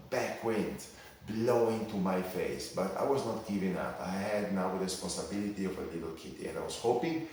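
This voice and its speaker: Deep-voiced Italian man, echoey voice-over. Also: slight background noise. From Sardinia, Italy. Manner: hesitant, many fillers and restarts. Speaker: cycling vlogger. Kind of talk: storytelling voice-over narration. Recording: echoey, distant mic.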